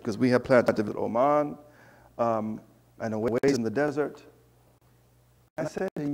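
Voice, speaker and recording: A man preaching in a church, telling a lively personal story with asides to the congregation. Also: mid-range voice, normal speed, gravelly, long pauses. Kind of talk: storytelling sermon.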